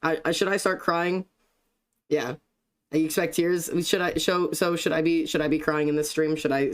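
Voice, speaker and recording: A young male streamer with a slightly high voice chats casually with his viewers and greets them by name. He jokes in a self-deprecating way and swears now and then. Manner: chatty, joking, greets chat by name. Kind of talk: casual live-stream chat.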